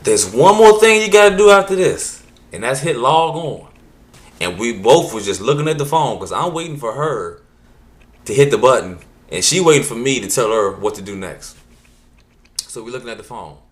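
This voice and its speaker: A male comedian in the middle of his register tells a story. His delivery is animated and punchy, with exasperated asides that jump up in pitch. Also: normal speed. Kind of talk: stand-up storytelling.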